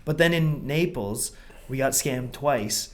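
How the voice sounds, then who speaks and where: Lively man co-hosting a comedy podcast. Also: medium pitch, takes it slowly. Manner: laughing, lively, swearing. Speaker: podcast co-host. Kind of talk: casual comedic storytelling.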